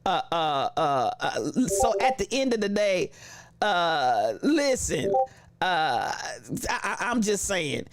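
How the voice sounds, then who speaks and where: A livestream host in casual chat, reading viewer comments aloud with slangy shout-outs and frequent laughter. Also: mid-range voice, big pitch swings, takes it slowly, no echo.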